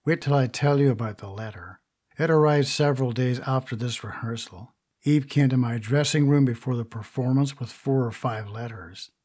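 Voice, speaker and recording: A man's voice: medium pitch, normal speed, a little mellow, breathy edge, close to an everyday voice. A man reading a vain, indignant stage actress. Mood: indignant gossip. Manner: gossipy, indignant confiding. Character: vain grand stage actress, middle-aged woman. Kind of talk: audiobook reading.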